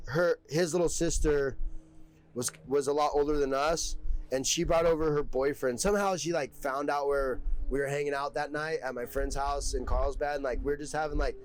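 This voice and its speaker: A man's voice: on the high side, fairly even intonation, moderate pace, slight background noise, rough recording. A young man, a podcast guest, telling stories in a casual, rambling way, full of swearing and filler words. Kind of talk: casual storytelling.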